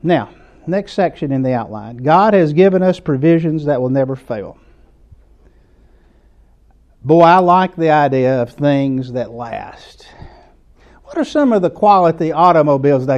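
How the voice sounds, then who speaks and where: High-voiced Southern preacher. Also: male voice, a little mellow, highs cut off. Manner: earnest, conversational preaching with rising emphasis. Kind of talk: sermon.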